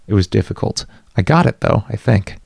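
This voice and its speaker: A man hosting a music production tutorial, explaining his remake step by step in a relaxed, self-deprecating way with frequent fillers. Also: on the low side, fairly quick, gravelly, a little hiss or hum. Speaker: music producer and channel host.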